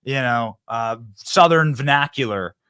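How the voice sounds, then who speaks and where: A man's voice: mid-range voice, a little slow, clean tone, dry recording, clean studio sound. A man hosting a political commentary show, mocking and sarcastic as he reacts to news and interviews a guest. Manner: mocking, sarcastic, animated delivery. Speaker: show host.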